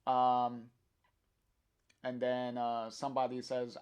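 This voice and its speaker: A man's voice: medium pitch, slow, clean tone. A man reading a comic aloud on a stream, narrating the panels hesitantly with many fillers.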